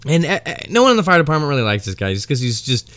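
A man's voice: fairly high pitch, very animated, racing, a bit bright, clear, resonant tone, no echo. A young man and former military firefighter, telling rambling, wry stories in a casual vlog. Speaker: firefighter storyteller.

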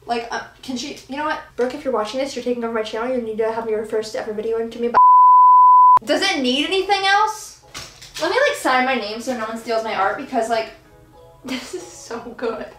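A woman's voice: fairly high pitch, fairly quick. A young woman vlogger chatting casually while she paints, rambling and giggly, filling her talk with "like". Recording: echoey room with soft background music.

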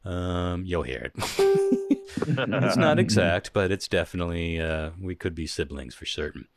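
Deep-voiced man hosting a podcast. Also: animated, unhurried, soft background music. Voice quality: very low voice. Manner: laughs often, reads listener letters aloud. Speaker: podcast host. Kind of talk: casual podcast chat.

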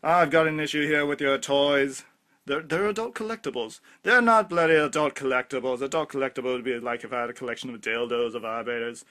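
A man's voice: mid-range voice, a little fast, pushed and bright. Exasperated man ranting in a parody review. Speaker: toy reviewer.

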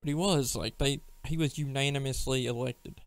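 A man's voice: mid-range voice, steady tone, normal speed, no echo. A man co-hosting a podcast in casual chat, talking bluntly and offhandedly about games. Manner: blunt, offhand gamer talk. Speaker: podcast co-host.

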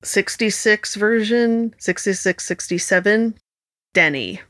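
Slow-talking woman with a bright voice co-hosting a music podcast, dry sound. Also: medium pitch, no room sound. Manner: unhurried, laughs often. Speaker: podcast co-host. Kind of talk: casual music podcast chat.

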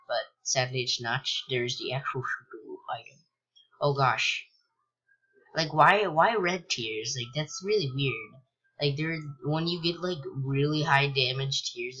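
A young man casually commentating a video game he's playing, rambling with lots of ums and likes and sudden excited yelps. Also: mid-range voice, measured pace, lo-fi sound. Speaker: gameplay commentator. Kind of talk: casual let's-play commentary.

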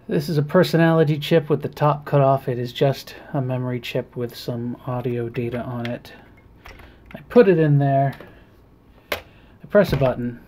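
A man's voice: medium pitch, darkish tone, slight background noise. Hobbyist guy showing off his build, casual, lots of uhs and stops, mid voice. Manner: halting, many pauses and fillers. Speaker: hobbyist maker. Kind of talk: casual demonstration.

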